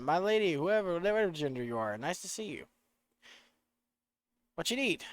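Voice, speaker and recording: A man streaming a video game, chatting casually, rambling and swearing in his excitement, with a slight rural American accent. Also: sits high, moderate pace, pauses often, dry recording.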